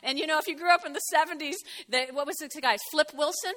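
High bright woman preaching in a reverberant hall. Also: fast talker. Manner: animated, chatty, jokes and laughs with the congregation. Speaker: pastor. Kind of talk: lively sermon. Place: church hall. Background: congregation shouting out.

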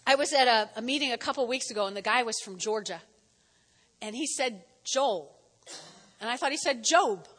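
A woman's voice: a little high, animated, fast talker, few pauses, a bit bright. A woman pastor preaching a conversational sermon and reading scripture aloud. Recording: long hall reverb.

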